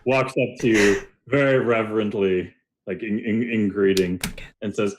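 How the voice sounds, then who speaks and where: Low-voiced man running a tabletop game. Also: steady tone, background noise. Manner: halting, full of fillers and restarts. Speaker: game master.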